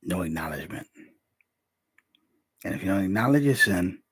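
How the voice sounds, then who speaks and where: A man's voice: low-pitched, expressive, normal speed, husky. A man giving an informal scripture teaching in a streetwise, conversational preaching manner. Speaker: religious teacher.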